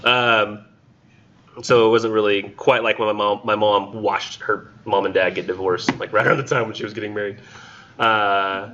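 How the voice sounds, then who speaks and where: A man's voice: on the low side, steady tone, moderate pace, pushed and bright, muffled recording. A man teaching a class in a casual, rambling way with many fillers. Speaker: instructor.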